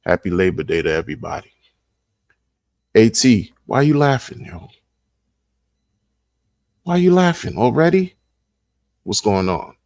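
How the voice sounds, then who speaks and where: Male streamer, thirties, low and dry, loose rambling delivery that repeats itself. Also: big pitch swings, measured pace, vocal fry, pauses often, darkish tone, dry recording. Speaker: livestream host. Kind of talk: casual livestream chat.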